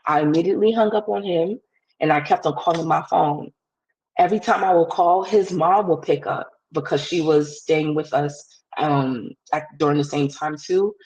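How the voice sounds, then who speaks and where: Husky young woman telling a candid story. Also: low-pitched, a little mellow, low-quality recording. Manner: candid, quick, acts out quoted dialogue. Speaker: podcast guest. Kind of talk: personal storytelling in an interview.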